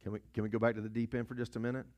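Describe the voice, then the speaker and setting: A man's voice: on the low side, level tone, very fast, a little mellow. A man, a pastor, preaching a sermon in a storytelling way, repeating phrases and asking rhetorical questions. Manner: storytelling, repetitive, rhetorical questions and call-and-response.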